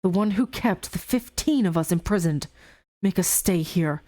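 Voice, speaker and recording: A woman's voice: lowish voice, expressive, normal speed, warm tone, close to an everyday voice. A woman reading the lines of a young male student who coldly accuses a classmate in a murder mystery game. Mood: accusing.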